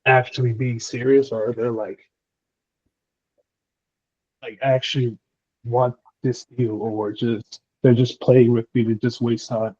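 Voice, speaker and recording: A man asking questions hesitantly on a call, leaning on "like" a lot. His voice is mellow and dark, and the line sounds dull and lo-fi. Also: medium pitch, little pitch movement, takes it slowly, long pauses, slightly rough, no echo. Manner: hesitant, fills with "like". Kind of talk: casual Q&A question.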